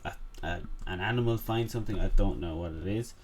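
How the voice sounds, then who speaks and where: Young male co-host, somewhat low voice, laid-back and hesitant, casual chat. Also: fast, a little hiss or hum. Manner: hesitant, full of ums and likes, laid-back. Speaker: podcast co-host.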